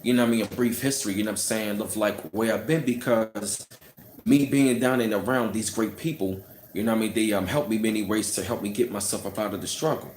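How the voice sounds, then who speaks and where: A man's voice: fairly low pitch, quick pace, a little mellow, slight background noise. A man telling a personal story in a casual, heated rant, scornful and full of "you know what I'm saying". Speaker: channel host. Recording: roomy echo.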